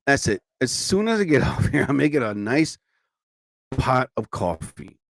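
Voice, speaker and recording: With a mid-range voice, big pitch swings and normal speed, a sleepy, tired man hosts a live show. He chats casually and rambles, exclaiming often. It's a dry recording on a studio mic.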